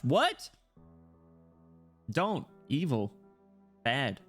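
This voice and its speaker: A man streaming a game, reacting with crude jokes and quick, laughing commentary. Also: fairly high pitch, lively intonation, a bit bright, faint music behind. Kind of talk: casual gaming stream commentary.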